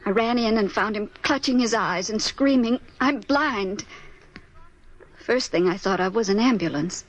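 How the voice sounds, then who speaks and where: An actress playing a soft-spoken, hesitant young wife in a 1940s radio drama. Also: female voice, mid-range voice, measured pace, lightly acted. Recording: dull old radio recording with faint hiss.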